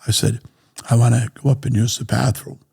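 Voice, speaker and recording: An older man from Rhode Island, guesting on a talk show, tells casual stories bluntly and profanely, often asking "right?" and laughing. His mid-range voice is gravelly, darkish, and slightly rough, with a level tone and a slightly fast pace.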